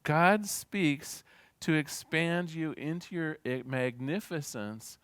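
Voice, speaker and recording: A minister giving a sermon in an earnest, gentle teaching manner, with small restarts as he talks. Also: fairly high pitch, slow, clean tone, dry recording.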